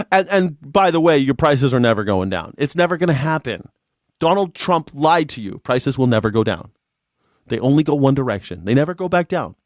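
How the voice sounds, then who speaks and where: A man's voice: medium pitch, no echo, clean studio sound. A man hosting casual political commentary, ranting profanely and sarcastically. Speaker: host.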